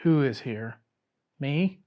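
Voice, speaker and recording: Man calmly questioning spirits. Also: medium pitch. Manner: slow, coaxing questions, drops to a whisper at times. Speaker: paranormal investigator. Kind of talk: questioning spirits during a ghost hunt. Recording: noisy night recording.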